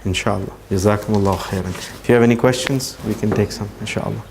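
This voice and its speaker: Male preacher, low pitch, earnest storyteller in a lecture room, faint noise behind. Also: steady tone, creaky, darkish tone. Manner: earnest storyteller, slows for emphasis. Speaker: Islamic speaker. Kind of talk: religious talk with storytelling.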